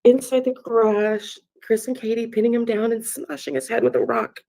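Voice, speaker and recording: Mellow-voiced woman channeling spirits. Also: on the high side, flat delivery, creaky. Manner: halting and repetitive, often dropping to a whisper. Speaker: psychic medium. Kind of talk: live spirit-channeling session.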